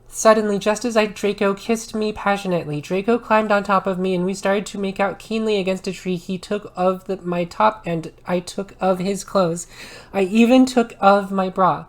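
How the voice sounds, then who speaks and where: Woman reader in an ASMR maid role-play, theatrical, mid-range voice, prone to sudden loud bursts. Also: mid-range voice. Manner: animated dramatic reading with sudden loud outbursts.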